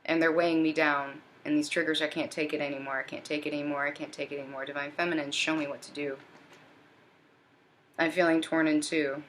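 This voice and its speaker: A desperate, anxious man keeps pleading for help, as a woman channels him in a tarot reading. The voice stays low and sinks toward a near whisper, repetitive and worn down. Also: flat delivery, fairly quick, fairly bright tone. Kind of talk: channeled first-person voicing in a reading.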